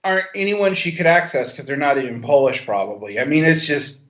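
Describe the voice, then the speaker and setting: A podcast co-host, a man with a slightly high, somewhat bright voice and big pitch swings, talks briskly in a reverberant space. He chats casually about a film, restarting often and laughing a little.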